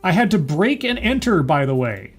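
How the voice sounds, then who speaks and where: A man's voice: on the high side, sing-song, moderate pace, breathy edge, faint music behind. A man giving a casual, sarcastic recap and review of a TV episode. He mocks the writing and sighs at the plot. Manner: sarcastic, mocking, sighing. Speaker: TV show reviewer.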